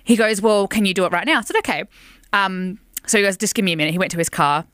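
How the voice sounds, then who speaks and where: A woman's voice: medium pitch, fast, no room sound. A young woman telling a story on breakfast radio, rattling it off at speed and playing every part herself. Her voice sits mid-range, and the studio sound is close and dry. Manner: animated storyteller, acts out quotes. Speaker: radio co-host. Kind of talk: casual radio chat, storytelling.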